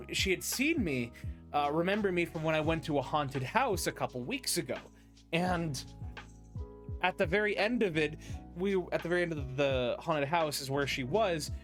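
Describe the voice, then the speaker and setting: Rambling, higher-voiced male podcast host. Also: animated, measured pace, fairly bright tone, faint music behind. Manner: rambling storyteller, many restarts and fillers. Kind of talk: casual chat.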